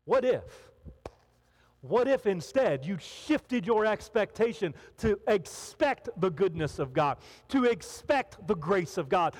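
A man's voice: high voice, very animated, takes it slowly. A man preaching a sermon to a congregation in a hall, talking animatedly and acting out the voices of people in the story. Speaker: pastor. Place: hall with an audience.

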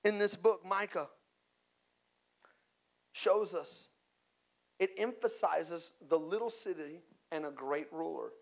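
A man with a notably high voice delivers a sermon, building to emphatic peaks and calling out to the room. He slips into casual asides between points and often repeats a word as he restarts. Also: slow, gravelly, pauses often. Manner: emphatic preaching with call-outs to the congregation; conversational asides and repeated words. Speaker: pastor.

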